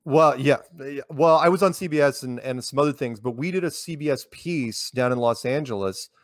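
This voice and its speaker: A man's voice: mid-range voice, fairly quick, dry recording, studio quality. An American man telling stories in a casual interview, rambling with many restarts and repeated words. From United States. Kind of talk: casual conversational storytelling.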